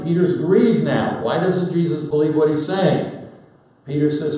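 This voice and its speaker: A man preaching a sermon in a folksy storytelling manner with dramatic pauses. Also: on the high side, dark tone. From Pacific Northwest, United States. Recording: very echoey hall, voice from far off.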